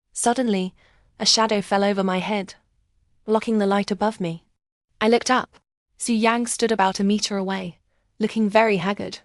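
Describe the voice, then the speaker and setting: A woman narrating a first-person romance story in a calm, emotional storytelling manner. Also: medium pitch, moderate pace, no room sound, studio quality.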